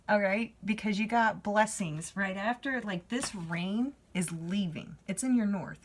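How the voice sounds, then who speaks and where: A woman's voice: fairly low pitch, steady tone, moderate pace, fairly bright tone, a little hiss or hum. A woman giving a spiritual card reading, talking to the viewer in a chatty, reassuring way. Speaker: tarot reader.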